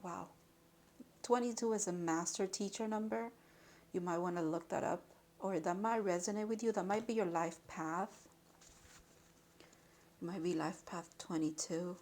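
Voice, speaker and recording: A woman giving an intuitive spiritual card reading, emotional and halting, with sighs and restarts. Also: on the low side, steady tone, darkish tone.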